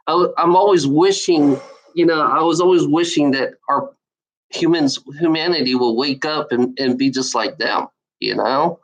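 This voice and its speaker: A woman who drives a truck, ranting to camera in a profane, repetitive way, restarting her sentences and swinging between high and low pitch. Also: poor audio.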